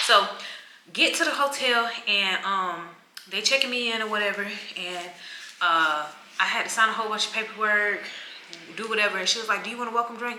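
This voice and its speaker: A young woman tells an animated, casual vlog story and acts out the people she quotes. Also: mid-range voice, fairly quick, roomy sound, slight background noise. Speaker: travel vlogger.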